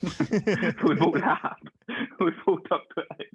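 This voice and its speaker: A man's voice: fairly high pitch, animated, unhurried, breathy edge, no room sound. A man in his twenties tells his stories in a loose, chatty way and keeps breaking into laughter. He is heard over a video call that sounds thin and phone-like. The sound is dry, with no room around it. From Ireland. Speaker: guest, pharmacist. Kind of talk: casual storytelling.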